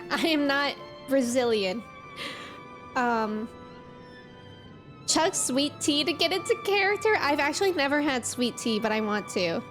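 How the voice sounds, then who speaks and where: Young woman, streamer, casual chat, playful, giggly, slow talker. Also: high voice, a bit bright. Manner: giggly and playful, laughs often.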